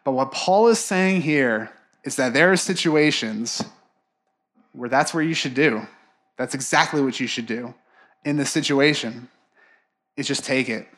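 A man's voice: medium pitch, a little slow, long pauses, fairly bright tone. A young man giving a casual sermon, talking informally and acting out everyday reactions in quoted voices.

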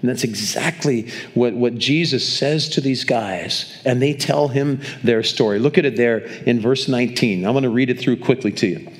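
An older man delivers a sermon to his congregation in a relaxed, conversational storytelling manner. His voice sits at an ordinary middle pitch, and he often restarts and repeats words as he works toward his point. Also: normal speed. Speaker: pastor. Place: church, speaking to a congregation.

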